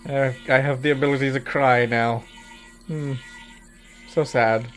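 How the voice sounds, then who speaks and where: A male VTuber streamer talks casually to his viewers at an ordinary middle pitch. He is chatty and keeps slipping into giggles. Soft music plays faintly in the background. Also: fairly even intonation, measured pace. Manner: chatty and giggly, often breaking into laughter. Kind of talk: casual livestream chat.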